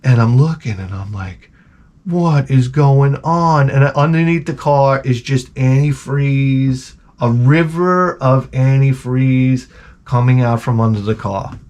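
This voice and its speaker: A man telling a story in a casual vlog rant, animated and profane with many restarts. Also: medium pitch, a little slow. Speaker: vlogger.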